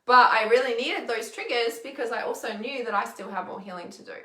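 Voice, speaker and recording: A woman's voice: a little high, brisk, pushed and bright, echoey room. A woman in her thirties chatting casually on a livestream as a healer and mentor, candid, laughing often and swearing freely. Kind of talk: casual livestream chat reading comments.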